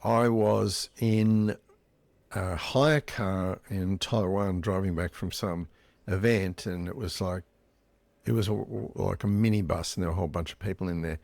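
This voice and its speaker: A man co-hosting a podcast in casual chat, relaxed and wry, with some hesitation. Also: low voice, unhurried, creaky, no room sound. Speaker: podcast co-host.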